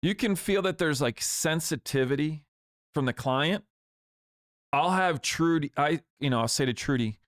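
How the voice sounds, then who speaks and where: A man's voice: fairly high pitch, animated, moderate pace, a bit bright, no room sound, studio quality. A man co-hosting a business podcast, chatting casually with short agreeing replies and self-deprecating jokes. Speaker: podcast co-host, insurance business owner.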